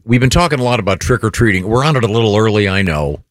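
Radio host man, low and dry, loose rambling banter. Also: animated, fast talker, no echo. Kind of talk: casual morning radio banter.

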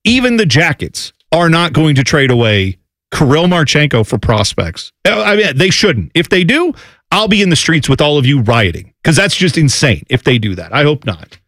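A man co-hosting a casual sports talk show, talking in a lively, mocking way and slipping into quick impressions of other people. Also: on the high side, no room sound.

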